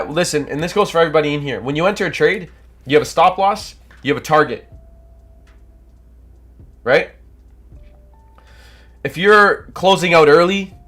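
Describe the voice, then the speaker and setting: A young Canadian man hosting a trading livestream, reading viewer comments and coaching in a hyped, casual way, with a nose stuffed up from allergies. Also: fairly high pitch. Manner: energetic, hyped, coaching chat.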